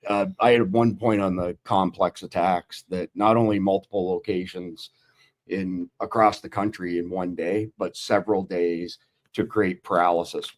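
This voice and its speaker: A man with a very low, deep voice hosts a casual talk-show discussion. He lays out his points steadily and plainly. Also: steady tone, moderate pace.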